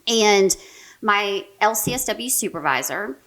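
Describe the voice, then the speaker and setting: Female therapist, 40s, podcast guest; animated storyteller, mid-range pitch. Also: a little slow. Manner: animated, many fillers like "right?" and "like". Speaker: mental health therapist, guest. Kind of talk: casual storytelling in a podcast interview.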